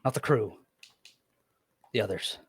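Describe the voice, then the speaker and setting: A man voicing a gruff male ship captain who barks blunt orders in a tabletop game. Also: lowish voice, expressive, a little slow, dry recording, full character voice. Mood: commanding.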